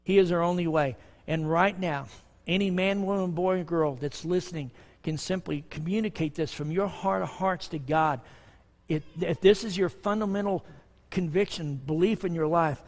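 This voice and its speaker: A man preaching a sermon as pastor, impassioned and pleading, with dramatic pauses. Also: sits high. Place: church sanctuary. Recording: long church reverb.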